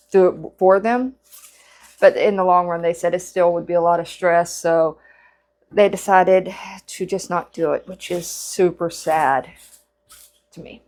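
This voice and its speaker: A woman chatting casually to camera while crocheting, rambling with lots of fillers and restarts. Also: on the low side. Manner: chatty and rambling, with many fillers and self-corrections. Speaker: vlogger.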